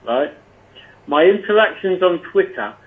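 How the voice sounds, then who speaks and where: A man's voice: sits high, lively intonation, a little slow. A man calling in to a show, brash and cheeky, full of banter. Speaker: caller. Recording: tinny phone line.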